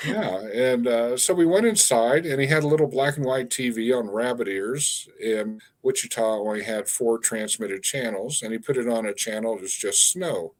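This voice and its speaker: A man in his sixties from Kansas, a guest telling a long story in an interview, pausing often with fillers and repeated words. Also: mid-range voice. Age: 60s. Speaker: guest, energy healer.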